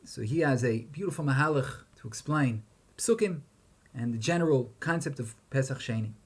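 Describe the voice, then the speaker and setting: A man's voice: mid-range voice, brisk, slightly rough. A man giving a Torah lecture, posing questions and chanting Hebrew verses with emphasis. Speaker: rabbi teaching Torah.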